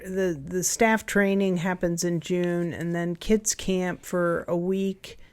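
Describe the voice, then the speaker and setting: A woman's voice: fairly low pitch, flat delivery, slow. A woman in her fifties, a guest in a casual interview chat, who meanders and restarts her sentences. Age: 50s. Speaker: camp owner, guest.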